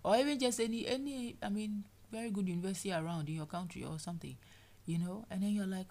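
A woman preaching a sermon, animated, acting out people's complaints in playful voices. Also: medium pitch, fairly quick.

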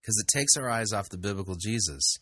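A man's voice: on the low side, brisk, bright, forceful tone, husky, dry recording, studio quality. Blunt, sarcastic male radio host. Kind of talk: critical commentary on sermon clips.

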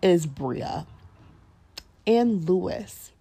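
A young woman hosting her own podcast, telling a story in a blunt, profane, animated way and acting out both sides of the dialogue. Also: on the low side, very slow, slightly rough. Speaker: podcast host. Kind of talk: casual storytelling rant.

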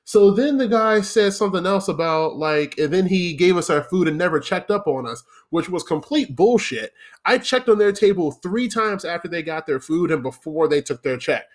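A young man hosting, telling a profane story about his old job in a casual, animated monologue that turns into rants at the listener. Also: sits high, moderate pace. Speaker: podcast host.

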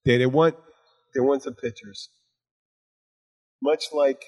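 A husky-voiced man hosts a podcast in loose, rambling conversation, cursing freely and playing both sides of the exchanges he retells. His voice sits at an ordinary pitch. The sound carries a long reverb, as if in a large hard room. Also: fairly even intonation, takes it slowly, pauses often, darkish tone. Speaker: podcast host. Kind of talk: casual rambling chat.

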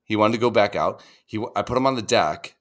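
A man's voice: on the low side, fast talker. A man co-hosting a podcast, telling rambling, profane stories in casual chat. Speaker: podcast co-host.

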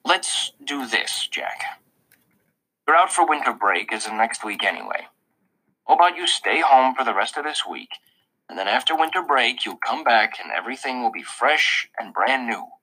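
A man reading an audiobook voices a calm, kindly school principal in a gentle, measured way, sometimes hushed. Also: medium pitch, poor audio.

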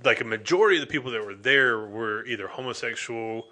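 A man's voice: mid-range voice, fast talker, pushed and bright. A young man from North Carolina with a Southern accent, talking earnestly in casual chat and often restarting his sentences. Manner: earnest, thinks aloud with frequent restarts.

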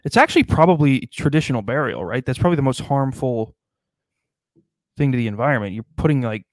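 A man's voice: medium pitch, expressive, fast, no room sound, studio quality. A man in casual podcast chat, riffing in long, profane, rambling tangents. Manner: profane, rambling comic riffs.

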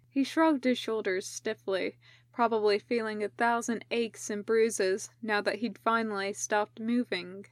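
Kobieta powoli czytająca opowiadanie. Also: female voice, on the high side, fairly even intonation, measured pace, no room sound, clean studio sound. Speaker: podfic reader. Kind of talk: audiobook narration of fan fiction.

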